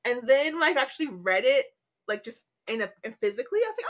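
A woman's voice: on the high side, big pitch swings, quick pace, fairly bright tone. A woman guest on a book podcast, talking casually and emphatically, retelling scenes.

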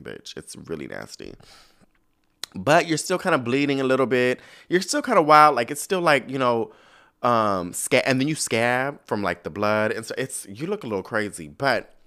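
A man's voice: on the low side, a bit bright. A man hosting a podcast in sassy, gossipy casual chat, swearing freely and calling listeners "girl.". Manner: sassy, gossipy, drawn-out exclamations. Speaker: podcast host.

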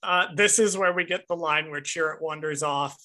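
A man co-hosting a podcast, recapping a movie in an animated, enthusiastic way and swearing casually. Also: a little high, normal speed. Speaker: podcast co-host.

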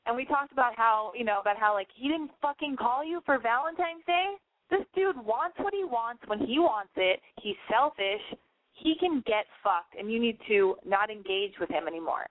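A woman's voice: fairly high pitch, dry recording, narrow, tinny audio. A woman hosting a call-in advice radio show, blunt and profane, ranting at callers and mimicking them in squeals.

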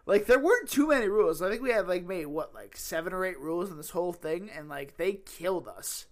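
Podcast co-host, man with a notably high voice, profane and loose. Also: animated, fairly quick. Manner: swears a lot, fills with 'like'. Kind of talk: casual chat.

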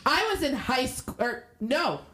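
A playful young woman co-hosting a podcast who teases her friends in casual chat. Her voice is high and swings widely, and a clear crowd noise runs behind her. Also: big pitch swings, unhurried. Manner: teasing, playful. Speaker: podcast co-host.

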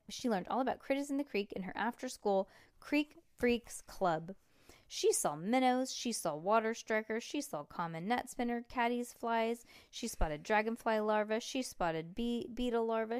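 A woman's voice: a little high, darkish tone, clean tone, no echo, clean studio sound. A woman reading a children's book aloud to a child, playful and breaking off to chat about the story. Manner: playful, chats between passages.

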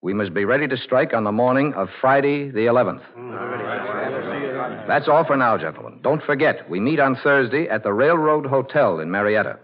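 An actor playing a calm, authoritative spy leader in a 1940s radio drama, measured and firm. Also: male voice, medium pitch, lo-fi sound, natural voice. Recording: noisy old radio recording.

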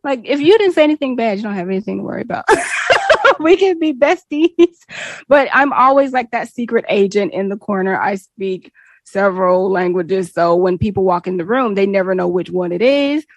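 A young woman talks through a casual interview, bubbly and quick to laugh. The sound is dry and close, with no room around her. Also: medium pitch, no echo, highs cut off. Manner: bubbly, laughs often, animated quoting. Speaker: interview guest.

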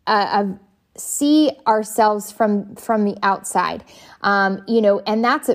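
A woman's voice: mid-range voice, gravelly. Earnest woman giving a reflective talk. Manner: earnest, searching for words with fillers and restarts. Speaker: parenting speaker.

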